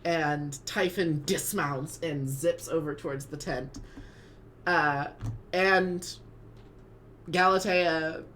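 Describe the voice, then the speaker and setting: A woman narrating a tabletop game as game master, hedging her words and laughing often. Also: lowish voice.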